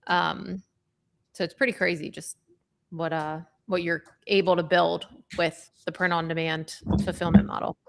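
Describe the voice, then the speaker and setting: A woman's voice: fairly low pitch, flat delivery, moderate pace, vocal fry. A young woman co-hosting a livestream, talking conversationally with frequent fillers. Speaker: livestream co-host. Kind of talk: casual livestream chat.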